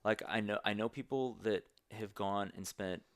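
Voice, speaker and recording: A young man with a very low voice speaks as a guest on a podcast, earnest and rambling as he circles back and restarts his thoughts. The sound is close and dry, with no room echo. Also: normal speed. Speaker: podcast guest, strength coach. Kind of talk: candid conversational interview.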